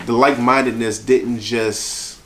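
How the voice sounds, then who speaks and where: A man's voice: mid-range voice, steady tone, measured pace, fairly bright tone, a little hiss or hum. A man being interviewed about his work as an event organizer, talking earnestly and often restarting his sentences. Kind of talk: casual interview talk.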